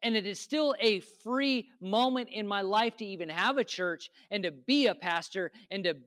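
A man's voice: sits high, moderate pace, fairly bright tone. A male pastor giving a sermon, talking casually and emphatically, repeating phrases for stress and asking the crowd rhetorical questions. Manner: conversational with asides and rhetorical questions.

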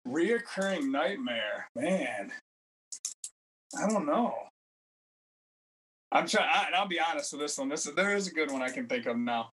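A man's voice: on the high side, very animated, unhurried, long pauses, a bit bright, slightly rough, poor audio. A man in his thirties chatting casually as a podcast guest, rambling through stories and acting out quotes in a raised voice. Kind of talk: casual chat.

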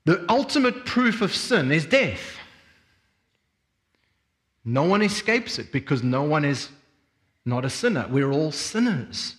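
Male pastor, mid-high voice, expressive sermon delivery that moves between quiet and emphatic. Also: slow pace, long pauses. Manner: expressive preaching, swings between quiet reflection and emphatic energy.

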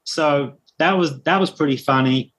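A man's voice: fairly high pitch, normal speed. A man with a British accent, casually telling a long story as a guest and acting out the voices of people he met. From Britain. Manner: animated anecdote telling, acting out quoted voices. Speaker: guest runner.

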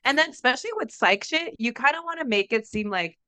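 Bright, clear woman with a faint Mexican accent. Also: on the high side, lively intonation, quick pace, no room sound. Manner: laughing, profane storytelling. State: sick. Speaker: podcast co-host. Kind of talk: casual chat.

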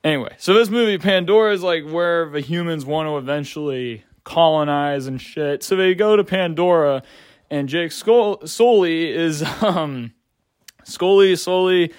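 A young man reviews a film in a loose, rambling way, full of filler words and the odd casual curse. His voice sits a little higher than most men's, and the recording is dry and close, with no room sound. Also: moderate pace, no echo. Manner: rambling, filler-heavy, slangy, swears casually. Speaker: movie reviewer.

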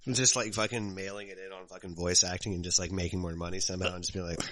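A man's voice: low-pitched, level tone, quick pace, background noise. A young man chatting as a podcast guest, a singer who talks loosely, swears freely and laughs often. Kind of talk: casual chat.

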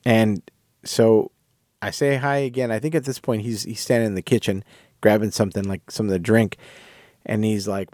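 A man's voice: lowish voice, normal speed, no echo, clean studio sound. A man hosting a podcast, telling a story in a casual, rambling way and correcting himself as he goes. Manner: rambling, self-correcting, animated retelling. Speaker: podcast host.

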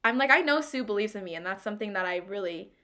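A woman's voice: medium pitch, lively intonation, fast talker, bright, forceful tone. A young woman co-hosting a podcast, talking in a heartfelt, rambling way with lots of "like". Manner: heartfelt, rambling, heavy use of "like". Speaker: podcast co-host. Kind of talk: casual chat.

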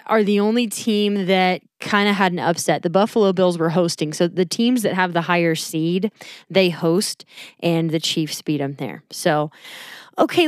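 A woman's voice: mid-range voice, no echo, studio quality. A woman hosting a sports podcast, chatting through the week's news and correcting herself with a laugh. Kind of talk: casual solo sports recap.

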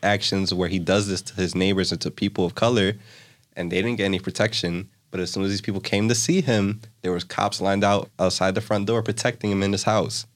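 A man's voice: sits low, fairly even intonation, fairly quick. A young man casually retelling a story in a loose, rambling way, full of filler words. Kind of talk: casual chat.

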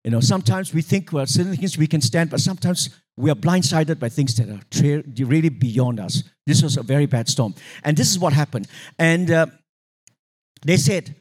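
Man, preacher, high voice, animated sermon storytelling, calls for congregation responses. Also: moderate pace, husky. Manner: animated storytelling, acting out quoted voices, sudden pitch jumps.

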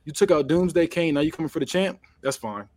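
A swaggering male wrestling champion, put on by a man throws boasts and insults at his rivals in quick succession. The delivery is fast and dry, close to the mic with no room around it. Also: a little high, a little mellow, dry recording, pitched above the performer's own voice, lightly acted. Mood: cocky. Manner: cocky, boastful trash talk. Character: brash trash-talking male wrestling champion. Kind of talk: improvised wrestling promo.

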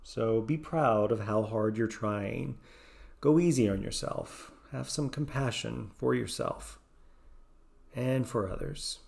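A man leading a guided meditation, giving slow, gentle, soothing instructions. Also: mid-range voice, vocal fry.

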